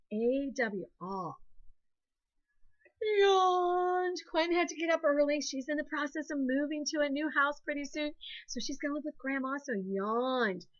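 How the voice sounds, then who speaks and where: A woman's voice: high voice, fairly bright tone, highs cut off. A woman from Ohio with an Ohio accent, teaching a second grade phonics lesson in a patient, encouraging, sing-song way. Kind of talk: phonics lesson, call-and-response with pupils.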